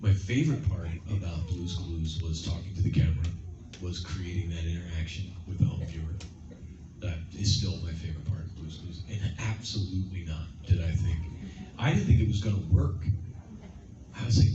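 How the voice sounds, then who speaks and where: A man answering fan questions at a convention, telling stories in a lively, casual way and acting out lines in playful voices. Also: sits low, normal speed, distant mic, loud music behind the voice. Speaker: guest at a fan convention panel. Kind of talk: casual Q&A storytelling. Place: large convention hall. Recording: muffled, echoey hall from afar. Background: crowd ambience.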